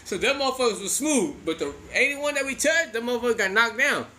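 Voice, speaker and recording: A man's voice: very high voice, animated, fast talker, bright, forceful tone. A man in his forties telling a funny childhood story in casual, profane slang, laughing often as he goes.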